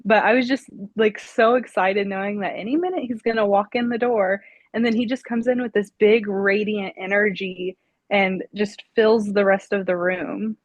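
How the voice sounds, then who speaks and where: A woman, a fan guest, recalling a meeting in an excited, playful way. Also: medium pitch, normal speed, dry recording. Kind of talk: casual interview recollection.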